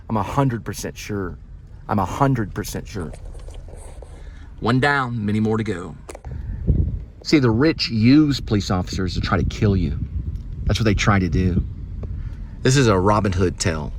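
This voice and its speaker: A man's voice: fairly low pitch, unhurried, pauses often, noisy background. A man talking casually and angrily while driving, rambling and repeating himself in a ranting monologue. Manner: angry, rambling, repetitive. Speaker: vlogger, delivery driver. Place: in a car.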